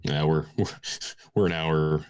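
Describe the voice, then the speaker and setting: Male podcast co-host, very deep voice, dry profane wit. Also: steady tone, unhurried, a little mellow, clean tone, lo-fi sound. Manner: wry, profane banter with sighs. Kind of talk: casual chat.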